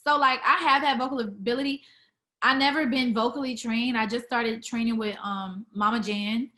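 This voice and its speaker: A woman's voice: fairly high pitch, steady tone, moderate pace, bright, forceful tone. A young woman who sings R&B, chatting casually in an interview, full of fillers and restarts. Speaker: R&B singer, interview guest.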